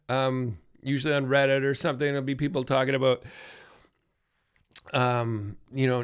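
A man's voice: medium pitch, clear, resonant tone. A man hosting his own podcast, talking alone in a casual, rambling way, joking, with many asides and laughs. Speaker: podcast host. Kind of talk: casual solo monologue.

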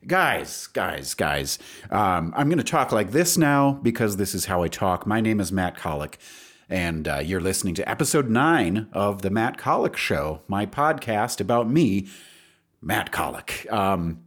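A man's voice: lowish voice, very animated, unhurried, a bit bright. A man hosting a solo podcast, talking casually in a rambling, self-deprecating way with many fillers, feeling stressed and anxious. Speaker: podcast host.

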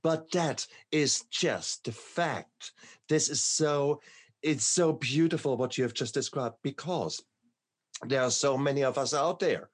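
Man, host, effusive, enthusiastic, mid-pitched, casual swearing. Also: measured pace, breathy edge. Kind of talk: interview conversation.

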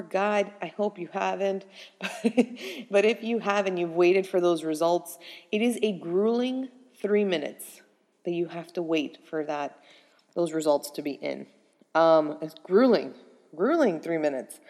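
A young woman talks straight to her viewers, rambling through a personal story with frequent laughs and filler words. Her voice sits a little low for a woman. A long reverb trails after her words. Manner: chatty, animated, laughs often, lots of "like". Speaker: vlogger.

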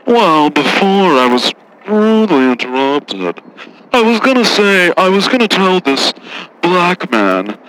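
A man voicing a snooty, condescending rich caller in a radio comedy bit, talking slowly and patronizingly. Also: on the high side, big pitch swings, pushed and bright, full character voice, poor audio. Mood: haughty. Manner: slow, haughty, patronizing. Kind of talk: radio comedy prank call.

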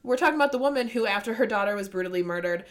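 A woman hosting a casual book chat, retelling scenes with excitement and plenty of swearing. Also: medium pitch, very fast. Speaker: book podcast host.

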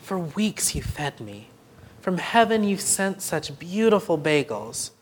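A humble, hungry man in a tattered coat from a storybook, as a storyteller puts him on, speaking low and quietly through tears. His slow, soft words carry deep gratitude. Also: big pitch swings. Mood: tearful. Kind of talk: storybook reading.

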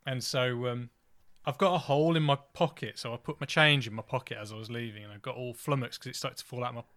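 A man's voice: medium pitch, steady tone, fast, fairly bright tone. A man co-hosting a podcast, telling rambling anecdotes in an easygoing way and laughing at himself. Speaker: podcast co-host. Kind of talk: casual chat.

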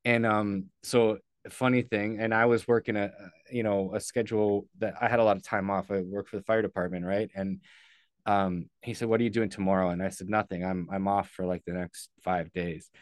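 Earnest low-voiced man telling a story. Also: steady tone, normal speed, no echo, studio quality. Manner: earnest, loose, with casual swearing. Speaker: podcast guest. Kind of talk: candid storytelling in an interview.

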